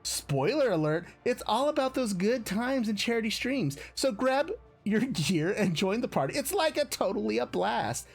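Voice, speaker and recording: A man voicing a bubbly young Valley Girl woman, gushing and airy with drawn-out "like"s, in a stream shoutout. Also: high-pitched, big pitch swings, vocal fry, husky, soft background music, pitched above the performer's own voice, heavily acted.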